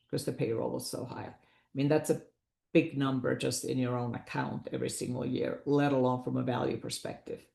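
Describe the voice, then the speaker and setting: A woman's voice: rumbling low, gravelly, a little mellow, echoey room. A woman presenting a business valuation webinar, explaining figures in a conversational way with asides to her audience.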